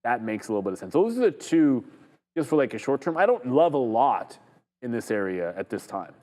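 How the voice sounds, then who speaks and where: A man's voice: medium pitch, sing-song, fairly quick, warm tone, long reverb tail. A Canadian man co-hosting a live trading show, chatting loosely and reading viewer comments aloud.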